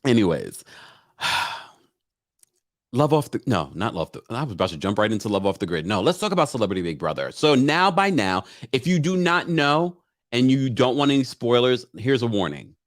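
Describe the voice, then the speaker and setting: A man's voice: medium pitch, sing-song, normal speed. A man hosting a casual livestream recap, chatting animatedly and reading viewer comments aloud into a webcam mic. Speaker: live-stream recap host.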